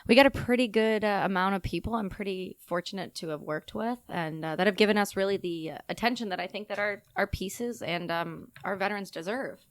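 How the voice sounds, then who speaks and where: Canadian woman guest in her thirties, playful and quick to laugh; dry close mic. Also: mid-range voice, no room sound. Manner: joking, laughs often. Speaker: podcast guest, army veteran. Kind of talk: casual interview chat.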